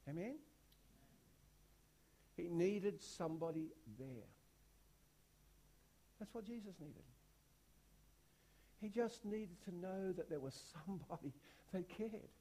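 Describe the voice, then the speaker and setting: A man with a high-pitched voice delivers a sermon. He leans on repeated rhetorical questions, going from hushed and slow to loud and forceful as his points build. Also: lively intonation. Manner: repetitive rhetorical questions, big swings in loudness. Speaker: preacher.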